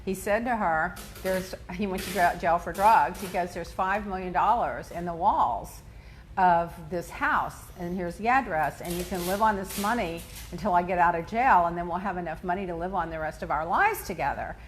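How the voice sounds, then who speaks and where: A woman hosting a talk show, telling personal stories in a chatty, animated way, laughing often and acting out the people she quotes. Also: on the low side, normal speed, slight background noise. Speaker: host.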